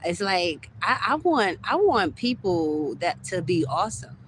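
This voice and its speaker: A woman's voice: on the low side, sing-song, a little slow, slight background noise. A young adult woman ranting on a livestream, heated and repetitive, stumbling over her words as she circles back to the same complaints. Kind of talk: livestream rant.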